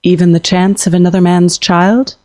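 A woman voicing an old witch who is a grandmother, speaking in terse, measured questions with a slightly creaky voice in an audiobook fiction reading. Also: fairly low pitch, flat delivery, a little mellow, no echo, clean studio sound, lightly acted. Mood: grave.

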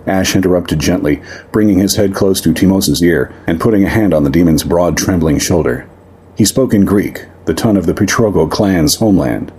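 A man narrating a short story in a measured, dramatic reading. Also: low-pitched, a little mellow, breathy edge. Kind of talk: audiobook fiction reading.

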